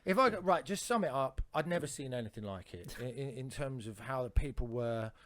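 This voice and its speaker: Rambling, animated man. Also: mid-range voice, brisk. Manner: rambling, animated, lots of restarts and swearing. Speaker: comedian guest. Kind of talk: anecdotal podcast storytelling.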